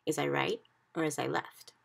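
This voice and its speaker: A woman's voice: sits low, fairly even intonation, moderate pace, vocal fry, heavily acted. A woman voicing a big friendly male giant who speaks in mangled grammar and invented words. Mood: gentle.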